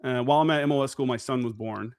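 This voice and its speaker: A man's voice: medium pitch, quick pace, a little mellow, no room sound, clean studio sound. A man in his forties, a veteran guest on a podcast, telling stories in a casual, profane way and acting out the remembered dialogue. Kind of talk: casual storytelling interview.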